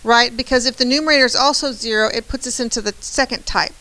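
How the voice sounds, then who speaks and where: A woman's voice: fairly high pitch, quick pace, sharp tone, rough recording. A woman math teacher giving a chatty, encouraging lecture, often checking in with "right?". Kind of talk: classroom lecture.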